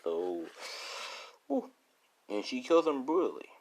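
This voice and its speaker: A man's voice: medium pitch, sing-song, slow pace, darkish tone. A man telling a made-up story off the cuff, rambling and correcting himself as he goes. His speech is casual and loose, stitched together with fillers and restarts.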